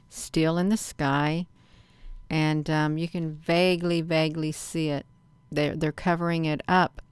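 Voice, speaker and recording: A woman's voice: low-pitched, clean tone, dry recording. A middle-aged woman vlogging, rambling chattily over a webcam feed and often addressing viewers as "you all.". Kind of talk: casual commentary on a webcam feed.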